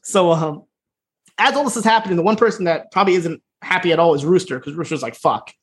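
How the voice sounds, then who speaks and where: Fast-talking man recapping a wrestling show. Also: high voice, animated, slightly rough. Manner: fast, laughing, acts out the characters' lines. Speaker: podcast co-host. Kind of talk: casual recap chat.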